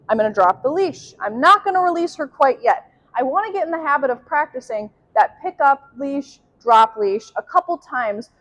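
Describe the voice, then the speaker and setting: High-voiced woman dog trainer explaining calmly. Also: no echo. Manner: calm explanatory, sharp high commands to the dog. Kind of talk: instructional dog training demo.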